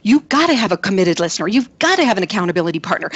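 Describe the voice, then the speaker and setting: A woman's voice: medium pitch, racing, hardly any pauses, husky, no echo, highs cut off. A middle-aged woman, a film producer and coach, telling emphatic stories in an interview and acting out quoted voices. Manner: animated, acts out quotes with shifting voices; repetitive, emphatic storytelling. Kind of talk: conversational storytelling interview.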